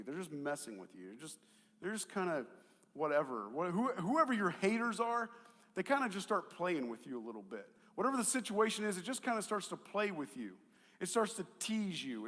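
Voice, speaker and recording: A male pastor delivering a lively, conversational sermon with a fairly high voice, climbing to loud emphatic peaks and dropping to quiet asides. He tosses in jokes and rhetorical questions. His voice rings out with the long reverb of a church hall. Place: church auditorium.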